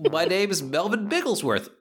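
A man's voice: sits high, wildly swooping pitch, unhurried, a crowd in the background, pitched above the performer's own voice, full character voice. A man voicing a nervous, bumbling male foreman who stammers and stumbles over his words. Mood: officious. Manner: stammering, flustered.

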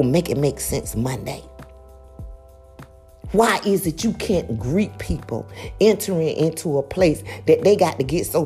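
A woman giving a preachy motivational talk, emphatic and full of rhetorical questions, swinging from loud high exclamations to low quiet asides. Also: slightly rough. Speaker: motivational speaker.

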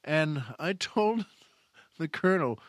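A fairly high-voiced man spins a casual anecdote as a podcast host, his pitch leaping up and down with enthusiasm. He talks in a chatty way, often restarting his phrases. The recording is dry and close, with no room sound. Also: animated, slow, no room sound.

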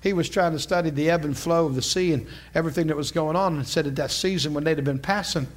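A male preacher delivering a sermon in an animated, folksy manner, laughing often. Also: a little high, fast.

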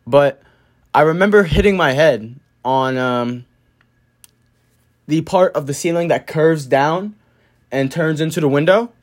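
A young man casually telling a story to the camera, loose and profane, full of slang and fillers. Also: fairly high pitch.

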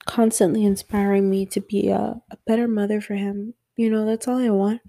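A sleepy young woman musing softly and rambling in a late-night personal audio diary about being a mother. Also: medium pitch, little pitch movement, gravelly, dry recording. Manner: slow, rambling, soft-spoken, yawning.

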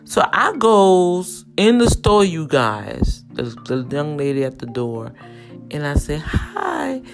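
A woman with a notably low voice tells her story straight to her viewers. She talks in a chatty, looping way, calls out to her audience and circles back over her words. Soft guitar music plays faintly behind her. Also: expressive, takes it slowly. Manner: chatty, addresses viewers directly, repeats words as she goes. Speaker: vlogger sharing a personal story.

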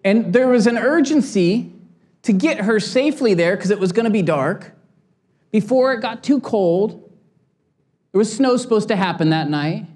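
A middle-aged male pastor delivers a sermon through an animated personal story. He acts out each quote and laughs at himself as he goes, moving from light humor to earnest urging. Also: high voice, normal speed.

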